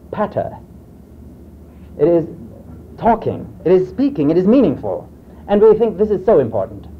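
A man giving an academic lecture, hesitant, with many fillers and restarts. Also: fairly high pitch. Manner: reads example drill sentences aloud in a raised voice. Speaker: professor giving a convocation lecture. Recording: tinny lo-fi 1960s reel-to-reel tape with faint hiss.

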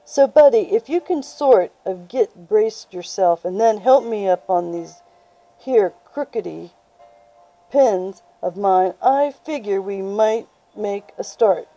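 A woman's voice: medium pitch, slow pace, dark tone, faint music behind, rough recording. A woman reading the part of a kindly old male war veteran in a folksy rural drawl.

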